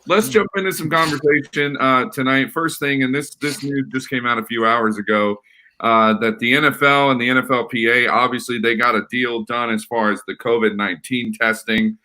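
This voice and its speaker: A man's voice: medium pitch, moderate pace. A man hosting a sports podcast in casual, rambling chat. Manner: relaxed, rambling, with fillers and laughs. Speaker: podcast host.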